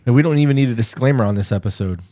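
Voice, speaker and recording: A man's voice: mid-range voice, rapid-fire, warm tone. A young man co-hosting a podcast in casual chat, sounding congested, loose and joking, swearing freely. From Tennessee. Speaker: podcast co-host.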